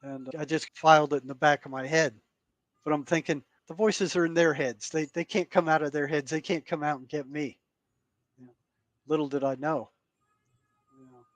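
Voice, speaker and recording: A man speaking as a podcast guest. He recounts past events in an earnest, halting way and often repeats words as he goes. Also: a little high, fairly even intonation, no room sound. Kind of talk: storytelling in conversation.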